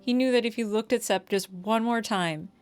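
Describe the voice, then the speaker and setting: A woman's voice: fairly high pitch, normal speed, smooth. A woman with a New York accent, streaming a game, reading its text aloud and reacting emotionally, swearing freely.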